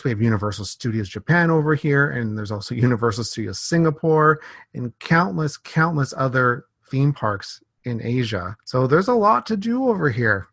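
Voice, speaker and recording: A man's voice: medium pitch, fairly bright tone, no room sound, studio quality. A Canadian man from Saskatchewan, a podcast guest talking about theme parks in a friendly way and laughing easily. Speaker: guest, theme park blogger. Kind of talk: casual interview chat.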